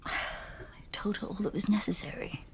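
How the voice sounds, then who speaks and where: An actress playing a guarded 19th-century gentlewoman in a period television drama, speaking in terse, clipped replies with a hushed, husky voice. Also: moderate pace, whispered, close to an everyday voice.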